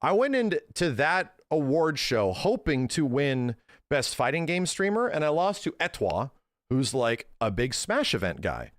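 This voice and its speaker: Animated man ranting on a livestream. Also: fairly high pitch, unhurried, dry recording, studio quality. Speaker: streamer. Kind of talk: casual livestream commentary.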